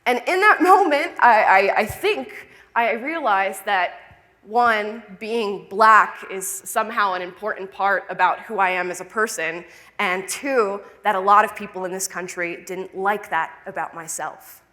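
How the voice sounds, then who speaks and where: A young woman from Florida giving a personal story talk at a conference, lively and often laughing. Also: medium pitch, unhurried, in a large hall. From Florida, United States. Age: young adult. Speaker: conference speaker. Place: conference hall stage.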